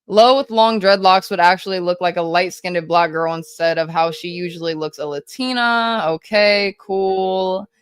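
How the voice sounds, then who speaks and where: Hyper fast-talking woman streamer. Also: fairly low pitch, fairly even intonation, clean tone, no room sound. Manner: hyper, rapid-fire, swears casually. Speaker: livestreamer. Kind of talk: casual livestream chat reading.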